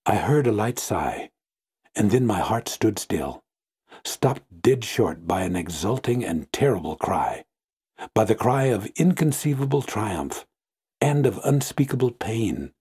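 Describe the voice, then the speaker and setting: A man narrating a literary novel in first person, in a brooding, measured way. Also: lowish voice, lively intonation, mellow, breathy edge. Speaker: audiobook narrator.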